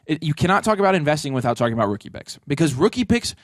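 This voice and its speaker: A man co-hosting a casual talk show, giving emphatic, rapid advice. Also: a little high, big pitch swings, no room sound, clean studio sound. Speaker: podcast co-host. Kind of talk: casual chat.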